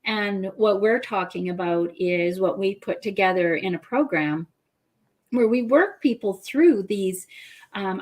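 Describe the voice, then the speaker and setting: A middle-aged woman talks on a talk show in an earnest, heartfelt way. She tells a personal story with feeling, at a medium pitch and a relaxed conversational pace. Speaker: guest, family coach.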